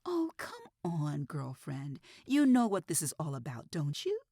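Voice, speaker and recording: A woman voicing an eerily calm, husky killer. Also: low voice, measured pace, no room sound, studio quality, full character voice. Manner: eerily calm, rising to bitter outbursts.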